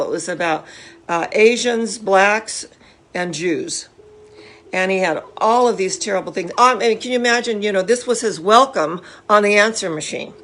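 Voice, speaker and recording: A woman minister telling a story in a sermon, animated and often asking her listeners to imagine it. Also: fairly low pitch, a little hiss or hum.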